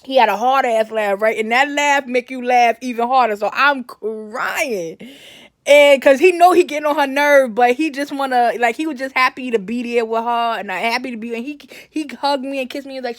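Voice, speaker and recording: Woman, storytime vlogger, slightly high voice, dry close sound, rambling and self-correcting. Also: brisk, dry recording. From Brooklyn, New York. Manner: livens up when quoting family. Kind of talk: casual storytime monologue.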